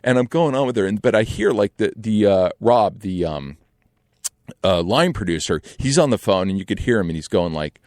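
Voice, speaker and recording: A young adult man telling a casual story in an animated way, acting out other people's lines. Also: lowish voice, normal speed, dry recording, studio quality.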